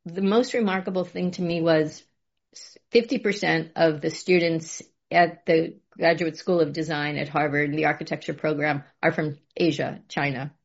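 A woman's voice: sits low, fairly even intonation, normal speed, vocal fry. Mid-aged woman rambling on, kinda emotional, lo-fi muffled audio. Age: middle-aged. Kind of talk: casual conversation.

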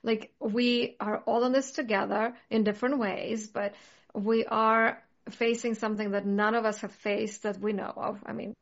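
A woman's voice: on the high side, flat delivery, normal speed, lo-fi sound. A woman in casual conversation, talking earnestly and reflectively, with many "like" fillers. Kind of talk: casual chat.

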